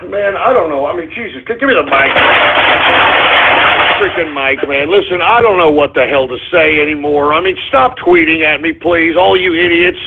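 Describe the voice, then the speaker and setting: A hoarse, husky man hosts a call-in radio show, his voice pitched high as he rants in exasperation and breaks into shouts. The audio is tinny and phone-like, like a thin lo-fi line. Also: lively intonation, normal speed. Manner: exasperated ranting with shouted outbursts and sighs; curses, then apologizes for cursing. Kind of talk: ranting call-in radio monologue.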